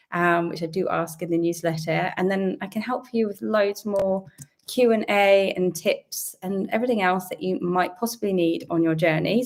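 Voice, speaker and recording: A British woman from the UK, a little croaky from a sore throat, hosting a chatty, upbeat live-stream Q&A from home and greeting her viewers. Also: mid-range voice. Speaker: host. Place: home indoors.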